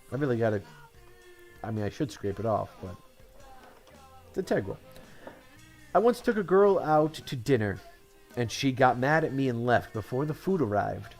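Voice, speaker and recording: A man's voice: mid-range voice, lively intonation, unhurried, long pauses, faint music behind. A man from Connecticut telling one-liner jokes, chuckling at his own punchlines and commenting offhandedly on them. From Connecticut, USA. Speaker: comedian.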